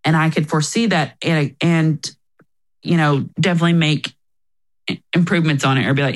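A woman's voice: low voice, fairly even intonation, fairly quick, long pauses, low-quality recording. Earnest woman telling her own story. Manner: earnest, reflective, quotes herself and others. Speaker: interview guest. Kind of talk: candid personal story.

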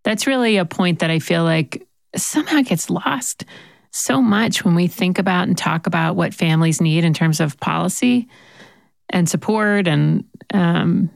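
A woman's voice: on the low side, creaky, no room sound, clean studio sound. A woman interviewing a guest, thoughtful and empathetic as she reflects on what the guest shares. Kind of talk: conversational interview.

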